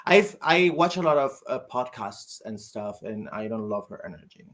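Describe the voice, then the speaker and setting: A man's voice: lowish voice, expressive, moderate pace, a bit bright. A man from Spain, a guest drag queen, chatting on a podcast in a gossipy, dramatic way with frequent laughs. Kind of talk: casual podcast chat.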